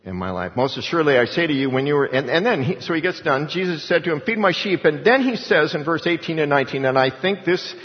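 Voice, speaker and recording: Man, pastor, sermon, loud-then-quiet preaching, long hall echo, muffled lo-fi sound. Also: on the high side, fast, few pauses. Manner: preaching with sudden swings between loud emphasis and quiet asides.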